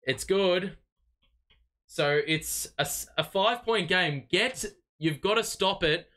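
Excitable, swearing young fan commentator. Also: male voice, high-pitched, slow. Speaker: fan watch-party host. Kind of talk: live fan play-by-play commentary.

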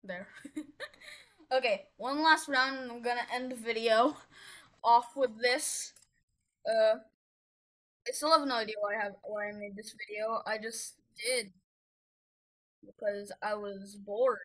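A woman's voice: fairly high pitch, a little slow, pauses often, fairly bright tone, rough recording. A woman giving rambling, self-mocking commentary while playing a game, easily flustered. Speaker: gamer. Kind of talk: gameplay commentary.

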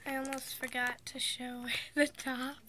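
A woman's voice: high voice, flat delivery, unhurried, background noise. A teenage girl with a congested, sick voice, casually chatting through a toy unboxing vlog. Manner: chatty, giggly, amused. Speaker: vlogger.

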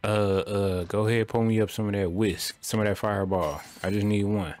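Low-voiced young man joking through gameplay. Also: fairly even intonation, moderate pace, darkish tone, faint music behind. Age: young adult. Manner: loose slangy running banter. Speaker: gaming streamer. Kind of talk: casual gameplay commentary.

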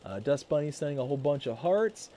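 A man chatting on a live stream in a mellow, relaxed voice with a faint hiss behind him. He rambles casually through fillers and restarts, his pitch sitting in an ordinary middle range. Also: quick pace.

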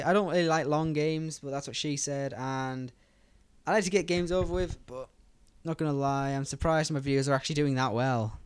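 A young British man giving fast, rambling gameplay commentary and talking straight to his viewers. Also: on the high side, darkish tone, clean tone, no echo, studio quality. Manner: fast, rambling, chatty, addresses viewers directly. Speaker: gaming YouTuber.

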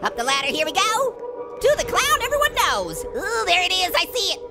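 A sky-high, squeaky cartoon orange chatters through a video game, giggling at his own puns. His bouncy voice leaps up and down without rest, over loud game music. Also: normal speed, creaky, exaggerated voice. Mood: goofy. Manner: punning, giggling, chattering excitedly. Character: wisecracking male talking orange, giggly prankster. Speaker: gaming channel host. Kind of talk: cartoon-character game commentary.

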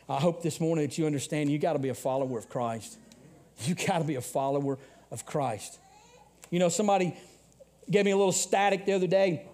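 A man in his forties with a Southern US accent preaching a sermon as pastor, swinging between hushed warnings and loud calls. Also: high-pitched.

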